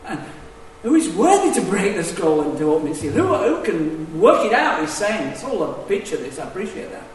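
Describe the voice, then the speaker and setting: Brisk and high-voiced, a preacher sweeps through his sermon with animated pitch, slipping into quiet asides before bursting into loud, forceful proclamations. The recording is far off, drenched in the long reverb of an echoing hall, with a faint hiss or hum underneath.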